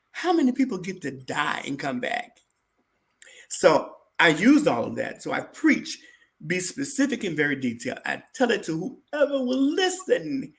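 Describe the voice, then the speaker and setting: An animated man tells his story as an interview guest, his voice full of gravel. His pitch swings widely as he acts out what others said to him.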